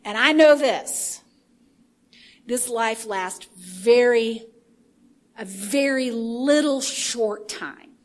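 A woman preaching a sermon in an animated way, swinging from hushed asides to shouting. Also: fairly high pitch, extremely slow, pauses often.

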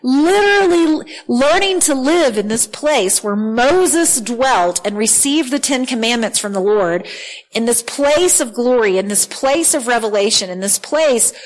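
A woman preaching a sermon with earnest, animated delivery, often repeating words as she reads scripture aloud. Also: fairly high pitch, measured pace, poor audio.

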